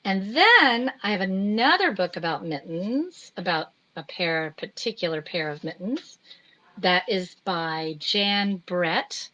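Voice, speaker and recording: Slow, bright-voiced woman reading to kids. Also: medium pitch, expressive, muffled recording. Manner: gentle, chatty, with many ums. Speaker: artist reading picture books to children. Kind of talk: children's story time. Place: home.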